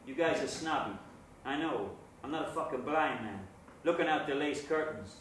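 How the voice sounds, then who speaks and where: A man's voice: on the high side, moderate pace, a bit bright, slight background noise, lightly acted. An actor playing a menacing, foul-mouthed neighborhood gangster man. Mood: scornful. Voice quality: crude and intimidating. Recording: echoey room, mic at a distance.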